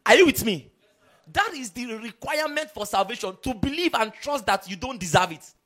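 A man preaching a sermon, emphatic and often checking in with the congregation, rising to loud bursts and dropping low again. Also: expressive, normal speed. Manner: builds to loud bursts, then drops low and quiet.

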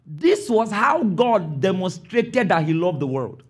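High, lively preacher man. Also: measured pace, breathy edge. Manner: emphatic, calls for congregation responses; rises to shouts on key phrases. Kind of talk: sermon.

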